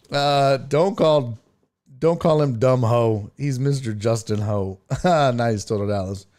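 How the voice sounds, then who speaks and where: A man hosting a casual live stream, ranting in a profane, exasperated way and slipping into mocking voices when he quotes people. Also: a little high. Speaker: show host.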